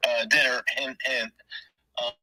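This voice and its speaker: Bright-voiced chatty male caller. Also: mid-range voice, level tone, measured pace, no room sound, poor audio. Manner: chatty storyteller. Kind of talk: casual call-in question.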